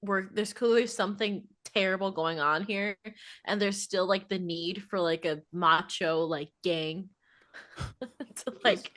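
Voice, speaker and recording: A woman's voice: mid-range voice, fairly even intonation, measured pace, fairly bright tone. A young woman co-hosting a casual podcast, reacting expressively and laughing with her co-host. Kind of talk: casual chat.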